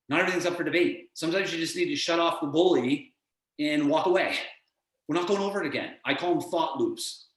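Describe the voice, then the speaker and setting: A man giving an energetic motivational coaching talk as a guest on a video call, often acting out other people's voices. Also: a little high, brisk, roomy sound, rough recording.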